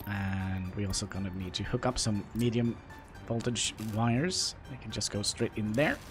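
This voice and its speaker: Halting Norwegian-accented man streaming a game. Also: on the low side. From Norway. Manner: halting, chatty, self-deprecating, talks to chat. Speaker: livestreamer. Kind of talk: casual gameplay livestream commentary. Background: faint background music.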